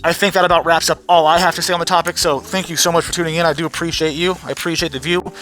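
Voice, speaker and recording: A man rants bluntly and sarcastically into the camera, with lots of swearing. His voice is bright and sits fairly high, with faint music underneath. He sounds worn out. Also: level tone, racing. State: tired. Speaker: vlogger. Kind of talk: casual profane rant.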